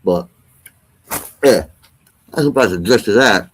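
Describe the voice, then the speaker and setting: A man's voice: lowish voice, expressive, a little slow, slight background noise. A man hosting a casual livestream, talking in a loose, slangy, profane rant. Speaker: livestream host.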